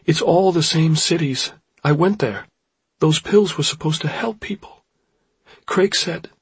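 A man's voice: unhurried, slightly rough, no echo, heavily acted. A man voicing a distraught young woman who is crying and apologizing, reading from a storybook. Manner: pleading, voice raised high.

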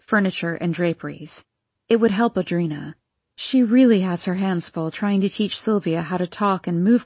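A woman reading the lines of a practical, kindly household woman in an audiobook, calm and matter-of-fact. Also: lowish voice, breathy edge, no echo.

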